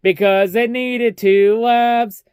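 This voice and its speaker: A young man with a high, smooth voice rants through a casual race recap, swearing often and mocking what he saw. The sound is dry and close, with no room around it. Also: steady tone, slow pace, a little mellow, no room sound. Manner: ranting, heavy swearing, mocking. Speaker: racing recap vlogger.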